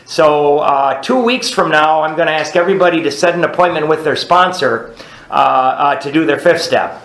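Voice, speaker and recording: A man's voice: a little high, normal speed, fairly bright tone, reverberant. A man leading a recovery study group, teaching in a plainspoken, conversational way and often checking in with "right?". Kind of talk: teaching a group through a book.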